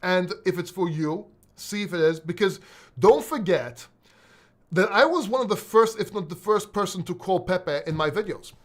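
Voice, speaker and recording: A man's voice: high-pitched, moderate pace. Blunt, cursing Greek-born man. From Greece. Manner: blunt, swears freely, rambles and restarts. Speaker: crypto YouTuber. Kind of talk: casual solo video talk.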